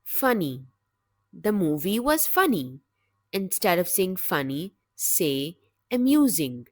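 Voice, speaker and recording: A woman teaching English vocabulary in a slow, deliberate scripted lesson, with measured, clear word-by-word delivery. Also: fairly low pitch, very animated, no room sound, clean studio sound.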